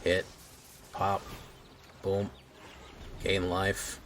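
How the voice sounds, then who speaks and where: Low voiced guy streaming a card game, mumbling plays, little boom exclamations. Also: monotone, a bit bright, a little hiss or hum. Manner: mutters plays aloud with quick exclamations. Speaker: gaming streamer. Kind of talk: casual gameplay commentary.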